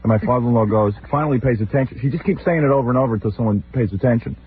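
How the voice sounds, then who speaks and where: A man's voice: medium pitch, rapid-fire, slight background noise. A middle-aged man hosting a radio show, telling comic stories about his family and mimicking their voices in exaggerated tones. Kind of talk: comic talk-radio storytelling. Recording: phone-like lo-fi radio archive.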